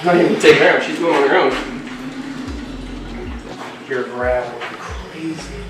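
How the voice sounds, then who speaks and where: A man's voice: mid-range voice, measured pace, very noisy. A man hosting a casual animal-keeping vlog, talking enthusiastically and coaxing his reptiles along. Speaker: reptile keeper and show host. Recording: echoey room from a distance.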